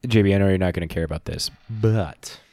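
Low-pitched male co-host, animated and teasing, close dry sound. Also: fast talker, no echo. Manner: teasing, goofy. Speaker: podcast co-host. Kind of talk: casual chat.

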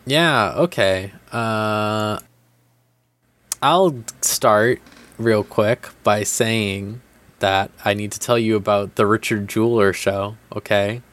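A man's voice: on the low side, takes it slowly, fairly bright tone. A man in casual chat, animatedly retelling a show's plot and acting out the characters' lines. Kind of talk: casual chat recapping a show.

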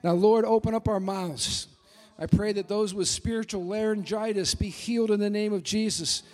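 A male pastor preaching a fervent, emphatic sermon and rising to shouts at times. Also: high voice, fairly even intonation, moderate pace, long reverb tail.

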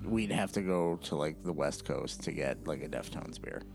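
A man co-hosting a podcast in casual chat, jokey and animated, swearing freely. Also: a bass voice, normal speed, vocal fry, faint music behind. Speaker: podcast co-host.

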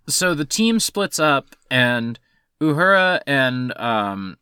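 A man co-hosting a podcast, chatting casually about films, animated, swearing freely and laughing often. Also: mid-range voice, smooth, dry recording, studio quality. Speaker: podcast co-host. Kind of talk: casual film discussion.

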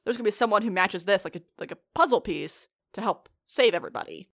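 Animated, swearing woman in casual chat. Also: medium pitch, quick pace, creaky. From United States. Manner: animated, swears often, laughs a lot. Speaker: podcast co-host reacting to an anime.

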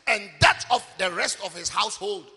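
High-pitched shouting pastor. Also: male voice, moderate pace, gravelly, slightly rough. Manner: preaching with call-and-response, sing-song shouting. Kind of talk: sermon. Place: church. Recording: long reverb, faint music behind.

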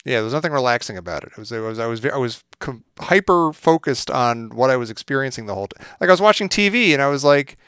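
Smooth-voiced podcast host, rambling. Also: male voice, mid-range voice, animated, fast talker, hardly any pauses, a bit bright, dry recording, clean studio sound. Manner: rambling, self-interrupting, hesitant. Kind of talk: casual chat.

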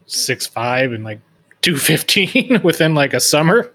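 A man's voice: a little high, sing-song, a little slow, bright, forceful tone. A man co-hosting a podcast, offering dry, wry comments on a book in loose, casual chat. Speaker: podcast co-host.

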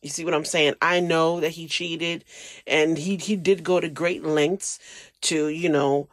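A man's voice: fairly high pitch, fairly even intonation, unhurried, fairly bright tone, no echo. A man hosting a casual solo podcast, rambling and emotional, sometimes close to tears. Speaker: podcast host.

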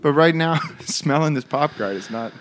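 A man's voice: fairly high pitch, expressive, normal speed, slight background noise. A man, a Catholic priest, co-hosting a podcast in talkative, chuckling banter, his voice a bit stuffy and nasal after a nap, on a studio microphone. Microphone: studio microphone with pop guard.

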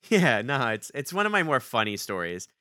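A man co-hosting a podcast, telling a story in casual chat and acting out the quoted dialogue with big leaps in pitch. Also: very animated, unhurried, bright, forceful tone, no room sound, clean studio sound. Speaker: podcast co-host.

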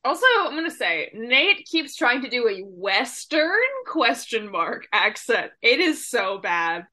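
A woman's voice: on the high side, sing-song, measured pace, bright, forceful tone. A woman co-hosting a casual fan podcast, playfully recapping scenes. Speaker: podcast co-host.

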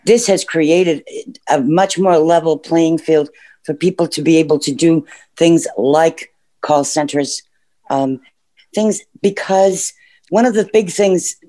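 Here is a slow, dark-toned male voice pitched a little high. He's a caller on a discussion program who makes sincere points yet sometimes forgets where he was going.

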